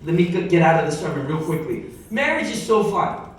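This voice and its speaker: A pastor preaches to his congregation in a large, echoey church hall, conversational with joking asides and repeated key lines. His voice is a little high, sing-song and fairly quick. Heard from far off, the recording is very echoey.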